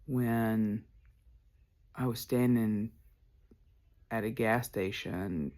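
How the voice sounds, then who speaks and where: A man's voice: fairly low pitch, steady tone, drawn-out words, a little mellow. A man, hosting a podcast and telling a personal story candidly, full of "like" fillers. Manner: candid, rambling, lots of "like" fillers. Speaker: podcast host.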